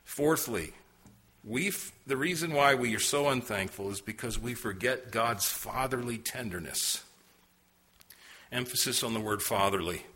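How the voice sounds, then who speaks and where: A man's voice: mid-range voice, measured pace, sharp tone, husky. A man preaching a sermon, telling a story and asking rhetorical questions in an earnest manner. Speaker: pastor.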